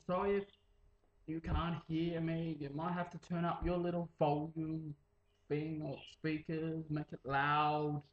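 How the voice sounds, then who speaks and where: A man's voice: on the high side, monotone, unhurried, roomy sound, dull audio. A teenage boy rambling in a casual vlog, mumbling and jumping into silly voices. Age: late teens. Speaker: vlogger.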